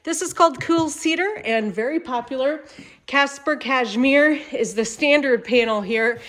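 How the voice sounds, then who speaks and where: Woman, slightly high voice, bubbly, chatty, home tour vlog. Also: a little slow, fairly bright tone. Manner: upbeat, chatty, enthusiastic. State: slightly congested from a cold. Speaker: manufactured home salesperson and channel host.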